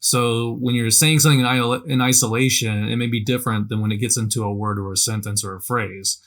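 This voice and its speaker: A man's voice: medium pitch, fairly even intonation, fast talker, fairly bright tone. Man casually coaching tone practice. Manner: conversational, repeats words, frequent "right?" tags. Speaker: language teacher. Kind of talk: casual instructional talk.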